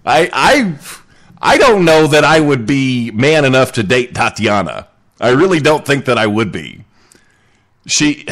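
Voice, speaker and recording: Animated joking male podcast host. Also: mid-range voice. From Southern United States. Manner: joking, chatty, reads listener chat aloud. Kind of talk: casual live podcast chat.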